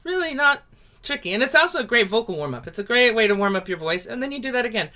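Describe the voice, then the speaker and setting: A woman's voice: fairly high pitch, animated, fast talker, pushed and bright. A woman teaching a folk song over a video call, upbeat and encouraging, laughing easily.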